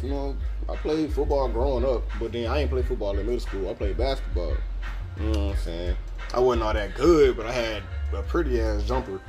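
A young man, telling a podcast story in a casual, profane, laughing way. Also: mid-range voice. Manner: profane, laid-back, laughing asides. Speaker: podcast host.

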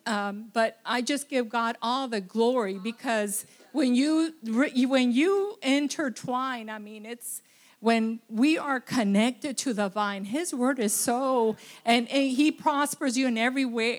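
A woman giving a tearful, halting testimony in church, full of restarts and fillers. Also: on the high side. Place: church sanctuary.

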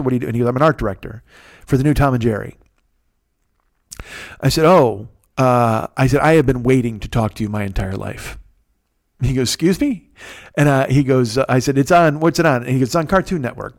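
Fast-talking profane man ranting. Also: medium pitch. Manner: profane, ranting, animated storytelling. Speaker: podcast host. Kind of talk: casual storytelling monologue.

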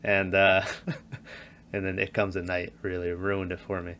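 A man with a low voice, speaking a little slowly with slight background noise, chats casually on a podcast about horror films. He tells stories animatedly, acting out the lines he quotes and laughing.

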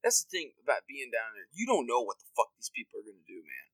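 A young man spins rambling, profane stories in a casual chat. His pitch rises and dips all over the place. The voice is bright and dry, right up close. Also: huge pitch swings, quick pace, no room sound, low-quality recording.

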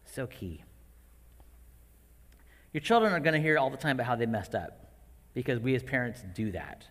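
A man in his forties preaching a sermon to parents, animated and acting out his own outbursts. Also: mid-range voice, normal speed. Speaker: pastor. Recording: long hall reverb.

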